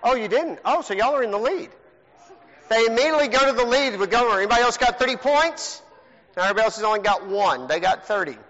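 Male pastor, high and bright, joking game host; long church reverb, muffled audio. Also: fast talker. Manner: teasing, joking, animated. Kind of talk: playful game hosting to a congregation. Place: church sanctuary. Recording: long hall reverb, dull lo-fi sound.

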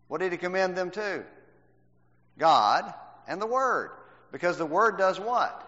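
In a Bible class, a man quizzes his students and stresses each point with emphasis. His voice sits on the high side with a slightly bright tone, captured in a dull, lo-fi recording made in a reverberant hall.

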